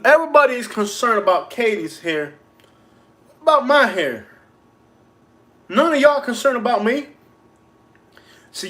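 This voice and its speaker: A man with a notably high voice talks loosely to his viewers on a phone live stream at home. He rambles, jokes and complains in a playful, mock-aggrieved way. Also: a bit bright. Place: at home indoors.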